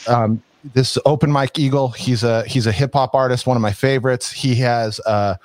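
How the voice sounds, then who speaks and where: A man co-hosting a podcast in casual chat, chatty and halting, with many fillers and restarts. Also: mid-range voice, steady tone, darkish tone, no echo. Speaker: podcast co-host.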